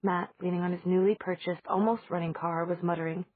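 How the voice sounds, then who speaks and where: A woman narrating an audiobook in a measured, even storytelling manner. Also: fairly low pitch, no echo. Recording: dry, tinny phone-like audio.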